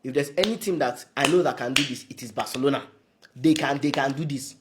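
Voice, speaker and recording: Man, sports host, calm, measured, quick talker. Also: medium pitch, noisy background. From Nigeria. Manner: calm, measured, reasoning aloud. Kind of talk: match prediction talk.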